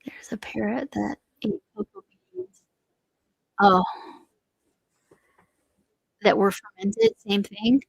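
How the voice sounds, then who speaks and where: Gravelly-voiced chatty woman host. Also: mid-range voice, big pitch swings, slow, long pauses, dry recording, poor audio. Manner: rambling, chatty, trails off and restarts. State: voice slightly going. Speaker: crochet livestream host. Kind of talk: casual chat while crocheting.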